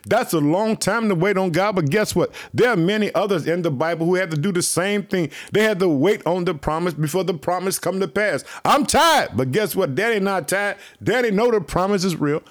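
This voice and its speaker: High-voiced, fervent male preacher. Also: a little fast, hardly any pauses. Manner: repetitive, exhorting, keeps saying "let me tell you something"; speaks directly to listeners as family. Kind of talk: fervent online sermon.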